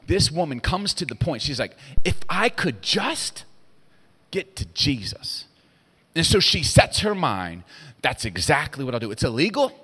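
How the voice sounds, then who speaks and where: A middle-aged man preaching a sermon, telling stories with lively swings from hushed to loud. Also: on the high side, breathy edge. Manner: animated storytelling, swinging between hushed and loud. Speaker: pastor. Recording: long hall reverb.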